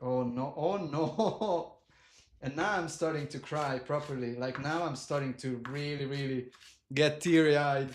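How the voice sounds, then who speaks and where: A man chatting casually on a live cooking stream, animated and self-mocking, laughing often and reading viewer comments aloud. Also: a little high, measured pace. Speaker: livestreamer.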